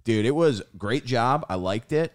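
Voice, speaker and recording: A man's voice: mid-range voice, expressive, a little slow, no echo, clean studio sound. A young man, a guest comedian, telling a long story on a podcast in a casual, profane way and saying "dude" constantly.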